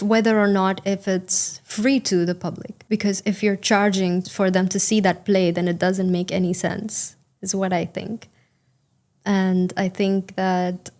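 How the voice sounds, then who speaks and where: A woman with an Indian accent, a test candidate answering speaking exam questions thoughtfully, with filler pauses while she forms her ideas. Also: mid-range voice, a little mellow.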